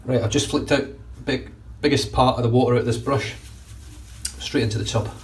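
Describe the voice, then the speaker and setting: Speaking briskly at medium pitch with fairly even intonation, a middle-aged man from Scotland with a Glaswegian accent reviews shaving gear in his bathroom. The shaving vlogger keeps it a casual chat, swearing freely, and his phone camera sits far from him.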